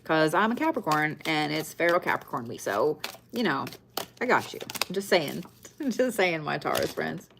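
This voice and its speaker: A woman's voice: low voice, very animated, moderate pace, gravelly, noisy background. A woman giving a casual weekly zodiac card reading. She is blunt, swears often and repeats phrases for emphasis. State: tired, yawning. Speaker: zodiac and tarot reader.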